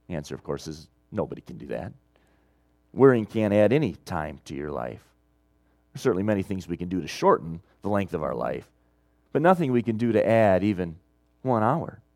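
Animated man preaching a sermon. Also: fairly low pitch, moderate pace, vocal fry, no echo, clean studio sound. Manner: storytelling, animated, swings between loud emphasis and quiet asides. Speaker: pastor.

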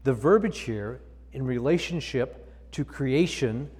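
A man's voice: medium pitch, animated, measured pace, a little mellow, slightly rough, long reverb tail. A male pastor preaching a sermon, reading scripture aloud and explaining it with emphatic repetition.

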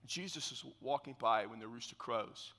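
A man preaching a sermon as pastor, telling a biblical story with animated, acted-out scenes and dropping to hushed tones for solemn points. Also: medium pitch, normal speed, in a large hall.

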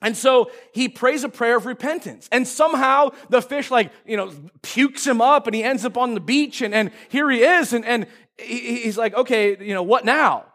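A man preaching a sermon to a congregation as pastor, retelling a story in a lively way and acting out the characters. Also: extremely high pitch, normal speed. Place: church service before a congregation.

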